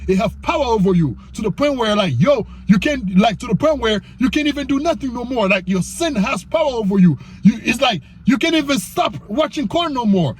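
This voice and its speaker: A man teaching the Bible informally, slangy and repetitive, slowing down to read verses and growing loud and excited. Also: high-pitched, slight background noise. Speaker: online preacher.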